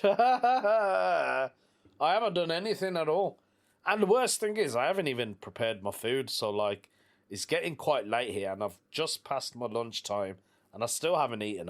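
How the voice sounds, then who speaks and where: A British man hosting a casual solo podcast, reading a listener's story aloud with chatty asides and frequent laughs. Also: medium pitch. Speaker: podcast host.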